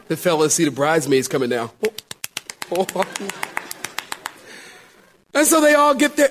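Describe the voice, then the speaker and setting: Animated, high-pitched preacher telling a story. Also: male voice, a little hiss or hum. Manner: storytelling with wide swings between loud exclamations and hushed asides. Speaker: pastor. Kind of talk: sermon.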